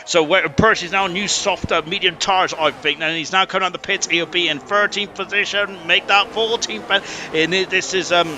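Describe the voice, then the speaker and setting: Excitable man commentating a sim race. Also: sits high, moderate pace, a little hiss or hum. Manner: excitable, rambling with many fillers and exclamations. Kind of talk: live sim racing commentary.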